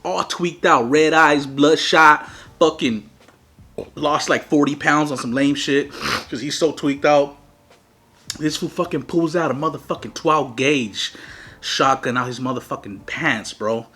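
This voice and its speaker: A young man with a fairly high voice telling a wild story in a relaxed, slangy way, swearing freely as he goes. He talks between bites, loose and animated, the way you would with friends. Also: a little slow, slightly rough. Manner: profane, slangy, animated retelling. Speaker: mukbang host. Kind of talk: casual storytime while eating.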